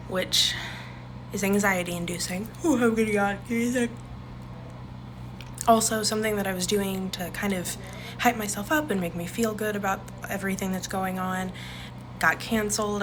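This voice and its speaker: A woman's voice: medium pitch, background noise. A woman talking casually in a video diary, chatty and full of fillers. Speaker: vlogger; school staff.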